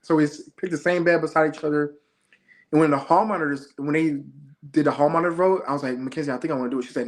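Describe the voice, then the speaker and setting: A man's voice: a little high, steady tone, fairly quick. A young man, a reality show contestant, telling stories in a laid-back, slangy way during a casual interview.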